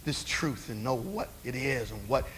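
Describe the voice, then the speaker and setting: A man's voice: mid-range voice, animated, moderate pace, fairly bright tone, slight background noise. A male preacher giving a conversational sermon, asking rhetorical questions of the congregation.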